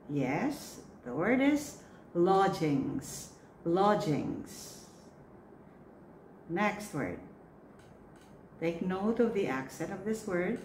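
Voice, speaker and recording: A woman coaching church readers on pronunciation. She says each word slowly and clearly, then repeats it. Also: on the low side, darkish tone. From Philippines. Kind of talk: pronunciation drill, slow and repeated. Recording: echoey room with faint noise.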